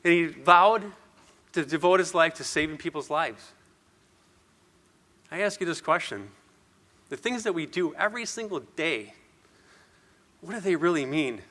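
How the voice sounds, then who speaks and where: A man's voice: a little high, lively intonation, unhurried, long pauses, bright, forceful tone. A middle-aged man giving an earnest motivational speech, telling a personal story and asking the audience rhetorical questions. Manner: earnest, rhetorical questions, repeats words when emotional. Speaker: motivational speaker.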